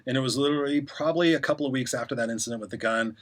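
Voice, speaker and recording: A man's voice: medium pitch, racing, a bit bright. A middle-aged man, a podcast guest, candidly telling his story in casual interview talk and acting out the voices he quotes.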